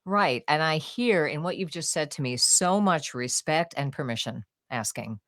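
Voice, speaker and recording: Older woman, low voice, dry close sound, expressive storyteller, podcast guest. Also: moderate pace, no echo. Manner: expressive, animated storytelling with acted-out quotes. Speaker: guest author and audiobook narrator. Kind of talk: conversational podcast interview.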